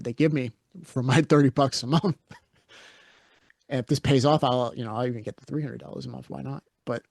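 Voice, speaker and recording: A man's voice: medium pitch, dry recording, studio quality. A man co-hosting a podcast, chatting casually and telling stories in a blunt, opinionated way. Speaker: podcast co-host.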